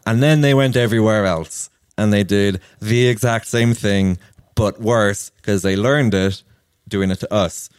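A man's voice: fairly low pitch, measured pace, clear, resonant tone, dry recording, clean studio sound. A man in his thirties from Ireland, a podcast guest telling personal stories in an earnest, reflective way. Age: 30s. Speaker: interview guest. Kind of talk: reflective storytelling in conversation.

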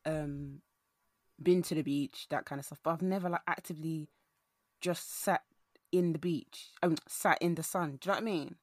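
A young woman talks in an easy, animated way. She acts out little quotes as she goes and tells her stories with humour. The sound is close and dry, with no room echo. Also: low-pitched, normal speed. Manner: animated, laughing storyteller who acts out quotes. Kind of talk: casual chat.

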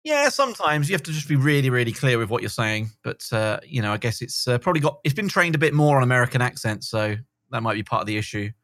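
A middle-aged man chats in a loose, unhurried way, dotting his speech with fillers. His voice sits at an average pitch. The sound is close and dry. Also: no echo. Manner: relaxed, many fillers. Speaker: guest. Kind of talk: casual podcast interview.

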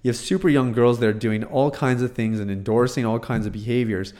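A man giving earnest, casual commentary, often pausing with fillers and restarting his sentences. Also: medium pitch, fairly even intonation, darkish tone.

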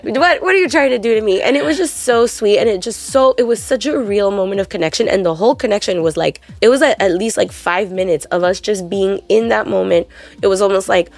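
Gravelly-voiced woman telling a story. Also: mid-range voice, a little fast. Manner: animated storyteller, lots of fillers. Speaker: podcast co-host. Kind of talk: casual chat.

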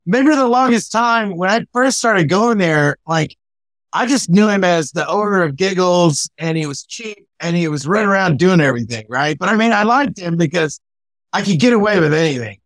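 A comedian in casual conversation, reminiscing about the old days and wondering aloud. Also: male voice, high voice, lively intonation, moderate pace, a bit bright, no room sound. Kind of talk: casual chat.

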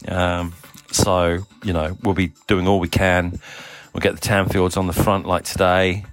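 A middle-aged man with a low voice and an accent that blends Australian, South African and English sounds. He talks loosely and casually in an audio diary, often pausing on um and uh. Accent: mixed Australian, South African and English. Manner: relaxed, rambling, many ums and uhs. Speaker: cycling team manager.

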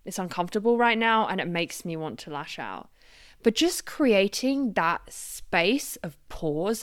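Smooth, low-voiced woman podcast host. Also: no echo, clean studio sound. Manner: reflective, gently guiding, personal anecdotes. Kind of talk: solo self-help podcast talk.

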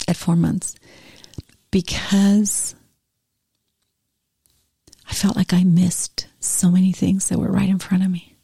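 Soft-spoken, slow, gravelly woman. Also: on the low side, flat delivery, dry recording, studio quality. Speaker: guest. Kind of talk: heartfelt conversation.

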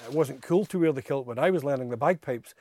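A man's voice: mid-range voice, fast, a little mellow, a little hiss or hum. A man running a bagpipe shop, answering interview questions with brief good-humoured replies.

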